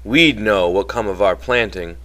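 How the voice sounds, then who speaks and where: A man voicing a guarded ranch worker in rough, plain rural speech. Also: on the low side, normal speed, a bit bright, lightly acted. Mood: dreamy. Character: wary dreaming male ranch worker, guarded.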